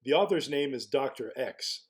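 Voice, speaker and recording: A blogger offers casual spoken commentary in a mid-range, expressive voice at a moderate pace. He muses aloud, asks the listener rhetorical questions, and frequently stumbles back over his words before pressing on.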